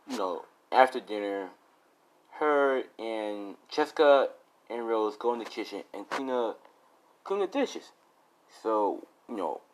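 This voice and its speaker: A man's voice: mid-range voice, rough recording. Rambling casual man telling a story. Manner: rambling, filler-heavy, swears offhand. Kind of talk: casual spoken fan story.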